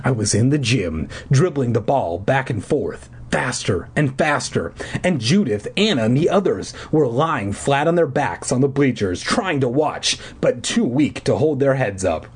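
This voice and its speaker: Husky man reading aloud with crude asides. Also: mid-range voice, expressive, a little slow, hardly any pauses. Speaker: reader. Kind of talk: comedic audiobook reading.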